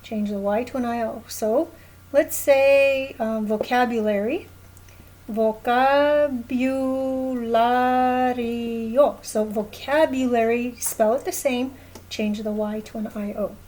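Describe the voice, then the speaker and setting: A woman's voice: on the high side, unhurried, darkish tone, poor audio. A woman teaching a recorded lesson, explaining patiently at a whiteboard and often checking in with "okay?". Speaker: Spanish teacher.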